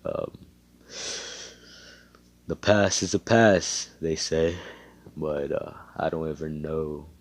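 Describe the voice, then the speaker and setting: A man doing a flat, monotone young hero. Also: very deep voice, slow, long pauses, full character voice.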